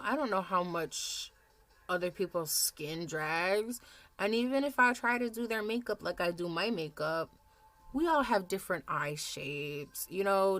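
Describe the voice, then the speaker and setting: A woman's voice: fairly low pitch, sharp tone. A woman in her thirties chatting casually and rambling as she does her makeup at home on camera for a vlog, swearing freely. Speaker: vlogger.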